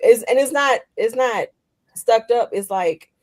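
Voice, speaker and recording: A woman's voice: a little high, animated, unhurried, a little mellow. A woman hosting a podcast, chatting casually and loosely, with frequent laughter. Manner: chatty, rambling, laughs often. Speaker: podcast host. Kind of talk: casual interview chat.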